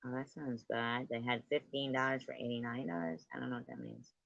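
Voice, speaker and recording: A woman hosting a live stream, taunting and swearing at a guest, her voice swinging between loud jabs and low mutters. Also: expressive, fairly quick, vocal fry, no room sound. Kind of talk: heated live stream argument. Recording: dull lo-fi stream audio.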